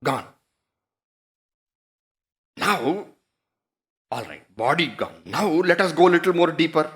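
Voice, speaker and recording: Male spiritual teacher, emphatic and rhetorical, lively fairly high delivery. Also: slow. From India. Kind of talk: spiritual discourse.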